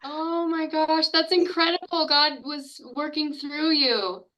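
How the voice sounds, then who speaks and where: A woman's voice: high-pitched, steady tone, slow pace, sharp tone, low-quality recording. A woman interviewer in casual chat, eagerly affirming her guest before sharing her own story.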